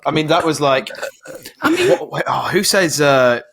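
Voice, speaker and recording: Man, podcast host, slightly high voice, excitable, laughs a lot. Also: moderate pace, gravelly. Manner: laughs often, excitable, swears freely. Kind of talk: casual podcast chat.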